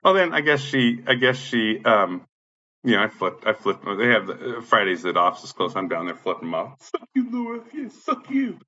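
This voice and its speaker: A man's voice: fairly low pitch, brisk, sharp tone. A man in an angry, profane rant, agitated, repeating himself and swearing constantly. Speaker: vlogger. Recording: dull lo-fi sound.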